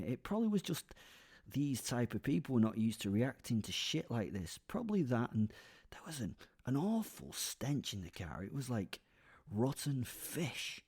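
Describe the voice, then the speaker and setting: A man's voice: mid-range voice, big pitch swings, moderate pace, dark tone, breathy edge. A man narrating a darkly comic serial story, sardonic, with rambling asides and self-corrections. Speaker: narrator and lead character.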